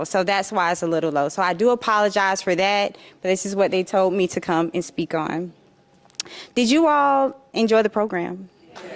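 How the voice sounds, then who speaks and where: A woman who runs a publishing house, giving a heartfelt, tearful thank-you speech to an audience at her book launch on a handheld microphone. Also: a little high. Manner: warm, tearful, effusive gratitude. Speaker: publisher and host. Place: event hall with live audience.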